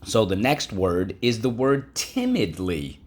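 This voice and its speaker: Low-voiced man teaching a vocabulary lesson. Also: sing-song, slow pace, a little mellow, breathy edge. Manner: patient, repeats and spells out words, asks class to echo. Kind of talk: classroom vocabulary and phonics lesson.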